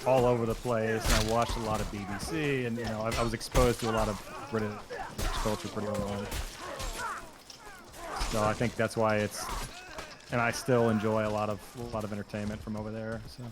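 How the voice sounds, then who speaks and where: A man's voice: on the low side, a little fast. A man, a voice actor, chatting casually and a bit rambling during a game stream. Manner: relaxed and rambling, with frequent fillers. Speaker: voice actor guest. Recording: noisy background.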